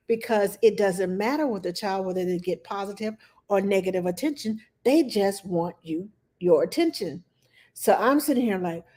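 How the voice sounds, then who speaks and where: A woman's voice: mid-range voice, normal speed, darkish tone. Nanny lady chatting on a livestream, acts out her own thoughts, medium voice. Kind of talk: casual livestream chat.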